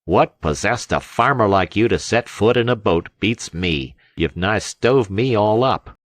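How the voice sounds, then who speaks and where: A fat little old fisherman grumbles and snaps in a slow drawl, as a man reads him aloud. His voice is a shade higher than a plain low reading voice and comes across dry and close. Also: lively intonation, no room sound. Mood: grumpy.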